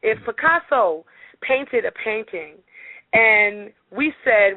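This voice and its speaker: A woman singer being interviewed on talk radio, telling stories in a lively way and acting out the dialogue. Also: on the high side, takes it slowly, no echo. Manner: animated, acts out dialogue in her stories. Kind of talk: casual radio interview storytelling. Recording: dry, phone-like radio audio.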